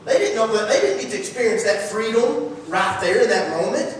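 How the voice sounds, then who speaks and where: Male preacher, folksy and lively, high voice, distant mic in a booming church hall. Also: brisk, slight background noise. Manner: folksy, energetic, rhetorical questions. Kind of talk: sermon. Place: church sanctuary.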